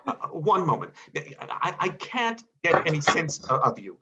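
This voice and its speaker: A man's voice: fairly high pitch, very animated, unhurried, highs cut off, very noisy. A man voicing a flustered, pompous bank chairman in a stage play reading, stammering over his words.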